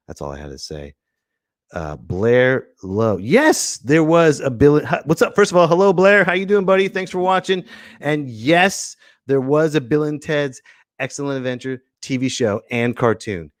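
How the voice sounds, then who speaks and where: A man's voice: a little high, lively intonation, normal speed, no echo, clean studio sound. A man hosting a comedy show, riffing sarcastically in a casual monologue.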